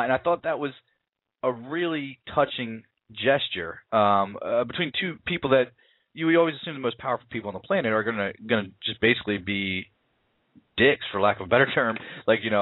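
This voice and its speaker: A man's voice: medium pitch, expressive, fast talker, no echo. Man reviewing a film over a tinny line. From United States. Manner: rambling, many fillers and restarts. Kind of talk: casual film review chat.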